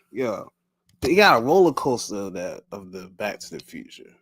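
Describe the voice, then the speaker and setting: Young Baltimore man, animated podcast co-host, dry close sound, keeps laughing. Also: fairly low pitch, unhurried, breathy edge, no echo. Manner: playful, laughs a lot. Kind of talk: casual banter.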